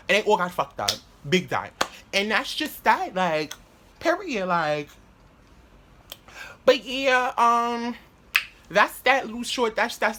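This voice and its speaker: A man's voice: high voice, bright, forceful tone. A young man spins a rambling story straight to camera. He talks in heavy slang with plenty of swearing and stumbles through restarts. There is a faint hiss under his voice. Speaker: vlogger.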